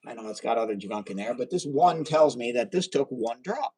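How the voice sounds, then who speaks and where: Excitable man hosting a live science demo. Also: mid-range voice, fairly quick, slightly rough, rough recording. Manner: chatty and excitable, talks to viewers, cheers at results. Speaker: livestream host doing chemistry experiments.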